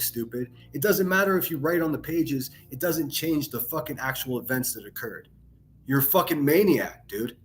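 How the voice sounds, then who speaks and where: A man hosting a reaction commentary, mocking and sarcastic, with heavy profanity. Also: fairly high pitch. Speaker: commentary channel host.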